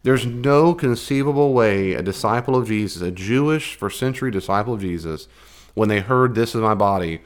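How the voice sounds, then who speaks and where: A man teaching a Bible class in a conversational, animated way, with fillers and restarts. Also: on the low side.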